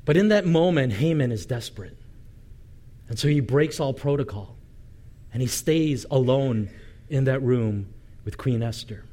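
A male pastor preaching a sermon, reading scripture dramatically and telling the story with lively asides and light humor. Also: mid-range voice, measured pace, pauses often.

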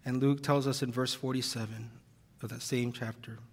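Emotional pastor preaching in a reverberant hall. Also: male voice, mid-range voice, level tone, moderate pace, gravelly. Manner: earnest, heavy-hearted preaching with swelling emphasis. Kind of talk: sermon. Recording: long reverb of a large hall.

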